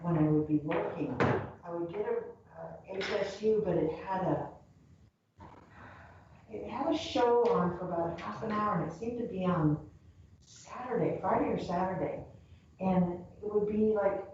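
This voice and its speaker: A woman's voice: lowish voice, measured pace, darkish tone. Chatty woman in an echoey room. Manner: chatty, laughs often, trails off. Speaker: community radio talker. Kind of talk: casual chat. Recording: echoey room, far from mic, dull lo-fi, faint noise.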